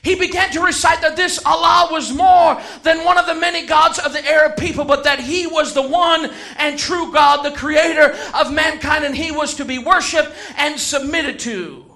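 A man preaching a sermon, who shouts some phrases and slows right down to stress others. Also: very high-pitched, fairly even intonation. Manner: emphatic, swings from shouting to slow stressed words.

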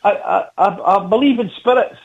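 A Scottish man calling in to a radio show, halting and jokey, repeating his words. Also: high-pitched, gravelly. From Scotland. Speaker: caller. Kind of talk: phone-in call. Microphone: phone line. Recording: muffled phone line.

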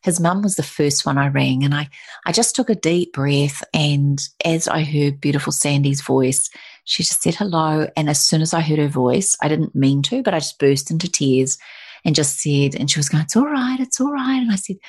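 A middle-aged woman recounting a personal story with a low, gravelly voice. Her tone is husky, and she tells it with feeling, stumbling and restarting as she goes. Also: steady tone, normal speed. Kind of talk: personal anecdote in conversation.

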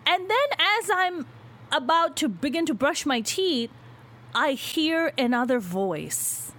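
A woman's voice: high-pitched, slow. A young woman telling a story in casual chat, swearing freely and acting out the voices of the people in it. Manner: animated, swearing, acts out quoted voices. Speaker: podcast host telling a story.

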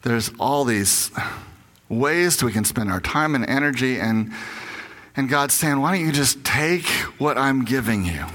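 An older man preaching in a loose, conversational way, with a bright, forward voice. He tells candid stories about himself and often slips into acting out his own inner voice. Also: medium pitch, expressive, unhurried. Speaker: pastor. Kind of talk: conversational sermon.

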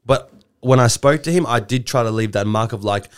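A man's voice: mid-range voice, brisk, smooth. A young man, a comedian guest, chatting casually and swearing freely as he tells stories. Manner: swears freely, laid-back storytelling. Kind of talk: casual chat.

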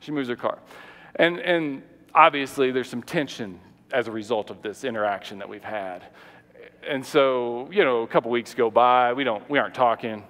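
A man preaching a sermon, telling a personal story in an animated way, often repeating words and acting out what people said. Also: mid-range voice, normal speed, big-room sound. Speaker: pastor.

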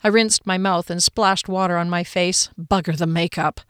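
A woman narrating a novel in an even, measured storytelling manner. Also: fairly low pitch, clean tone, no echo, clean studio sound. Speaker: audiobook narrator. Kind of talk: scripted narration.

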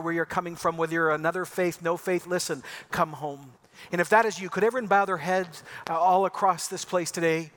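A man preaching an Easter sermon as pastor, moving from impassioned calls to a quiet, earnest prayer. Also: high-pitched.

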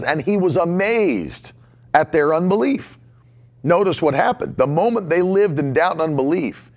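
A man in his forties delivers a podcast sermon with a gravelly edge to his voice. His pitch sits a bit high and swings widely as he presses home each point. He repeats short, punchy lines for emphasis. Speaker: pastor.

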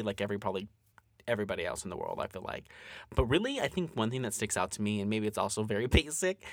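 Animated man in casual chat, swearing. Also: on the low side, no room sound, clean studio sound. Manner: animated, swears a lot, acts out quotes. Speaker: podcast co-host.

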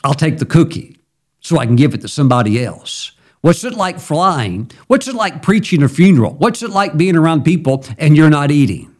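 A man's voice: on the high side, very animated, normal speed, darkish tone. A middle-aged male pastor preaching a sermon in a conversational, storytelling way, with sudden emphatic jumps.

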